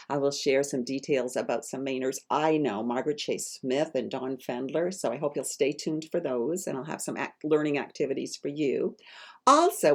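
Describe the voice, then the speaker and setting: Lower-voiced woman reading a picture book. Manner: animated, call-and-response with young listeners; chatty, teacherly asides. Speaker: children's book author reading aloud. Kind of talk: picture-book read-aloud.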